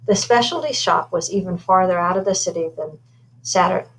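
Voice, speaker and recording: A woman's voice: fairly low pitch, a little fast, breathy edge, poor audio. A woman reading a children's novel aloud in an informal way, stumbling now and then and adding asides about her own slips. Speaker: reader.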